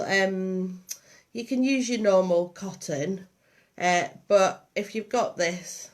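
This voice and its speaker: A woman with a Liverpool and Lancashire accent hosting a live craft demonstration, chatty and meandering with many ums and restarts. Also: medium pitch. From Liverpool and Lancashire, England. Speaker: craft workshop host.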